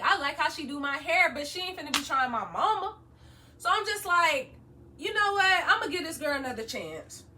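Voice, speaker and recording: A young woman vlogger telling a story in an animated, slangy way, laughing often. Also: high-pitched, recorded from a distance. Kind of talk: storytime vlog.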